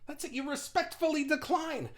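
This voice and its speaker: A man's voice: very high voice, normal speed. A middle-aged man and business owner giving casual motivational advice, blunt, swearing freely and often restarting his sentences. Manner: frequent restarts and stumbles.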